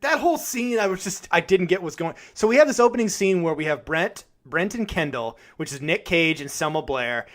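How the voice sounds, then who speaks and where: A man's voice: fairly high pitch, lively intonation, a little fast, few pauses, fairly bright tone. A man co-hosting a podcast, chatting casually about films, laughing often and swearing freely. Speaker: podcast co-host. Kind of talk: casual film chat.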